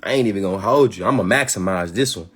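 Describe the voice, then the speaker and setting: A man's voice: on the low side, quick pace, fairly bright tone, breathy edge. A man hosting a live community gathering, talking passionately with a lot of slang, swearing and repeated phrases. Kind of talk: casual live-stream talk.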